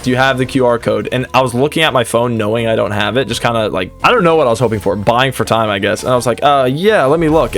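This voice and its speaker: A young adult man, a streamer, telling a rambling, self-deprecating story in a casual way, full of quick asides. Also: medium pitch.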